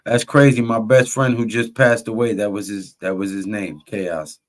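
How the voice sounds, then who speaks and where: A man's voice: lowish voice, fairly even intonation, normal speed. A man hosting a live game-watch stream, greeting chat viewers by name and calling the plays like a broadcaster. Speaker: host.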